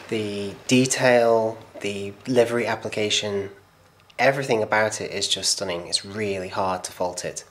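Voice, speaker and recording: A man's voice: lowish voice, fairly bright tone. Chatty man in a very echoey room. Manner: chatty, enthusiastic, rambling asides. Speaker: model railway reviewer. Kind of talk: casual hobby video review. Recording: very echoey room, faint noise.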